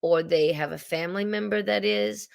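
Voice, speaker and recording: A woman in her sixties, a Canadian actress, telling her story in a relaxed interview, with an expressive, husky voice. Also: mid-range voice, moderate pace.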